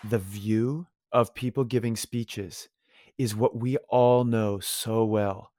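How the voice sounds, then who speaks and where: An effusive male actor chats as a guest, wandering from story to story with real enthusiasm. His voice sits a touch low, recorded close and dry with no room around it. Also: fairly even intonation, takes it slowly, mellow, dry recording. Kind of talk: casual interview chat.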